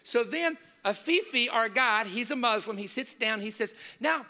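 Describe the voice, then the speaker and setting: Male preacher, high voice, bright tone, emphatic, repeats key points. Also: lively intonation, normal speed. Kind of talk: sermon.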